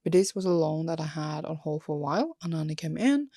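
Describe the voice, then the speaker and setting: A young woman chats in a reading vlog at home, gushing and excitable as she talks about her books. Her voice sits a little low, and she often breaks off mid-sentence. The sound is dry and close, with no room echo. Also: quick pace. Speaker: book vlogger.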